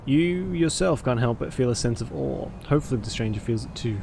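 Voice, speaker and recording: Man with a gravelly voice reading a game aloud. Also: medium pitch, lively intonation, a little fast, few pauses, noisy background. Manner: dramatic reading broken by cursing asides. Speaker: streamer playing a story game.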